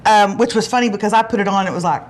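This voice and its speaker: A middle-aged woman hosting a casual chat show and telling stories, acting out quotes with big jumps in pitch. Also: very fast, slight background noise. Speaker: show host.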